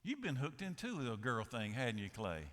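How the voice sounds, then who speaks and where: A man's voice: mid-range voice, sing-song, normal speed, a bit bright, big-room sound. A man preaching a sermon as pastor, joking and telling stories in a folksy way. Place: large church sanctuary.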